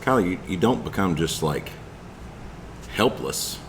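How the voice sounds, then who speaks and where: Male podcast host and self-defense instructor, slightly low voice, easygoing, laughs a lot. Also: expressive, unhurried, a little hiss or hum. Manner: easygoing, laughs often, with restarts. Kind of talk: casual podcast chat.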